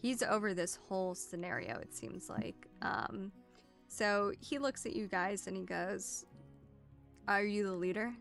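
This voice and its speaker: A woman runs a tabletop game as dungeon master and narrates in a loose, chatty way. Her voice is bright with a gravelly fry, and soft music plays faintly underneath. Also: medium pitch, measured pace. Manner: casual, lively narration with many fillers.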